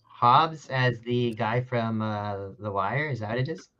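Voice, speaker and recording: A man's voice: medium pitch, measured pace, sharp tone. A man hosting a casual live-stream chat over a video call, easygoing and joking with his guests. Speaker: host. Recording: dull lo-fi with faint hiss.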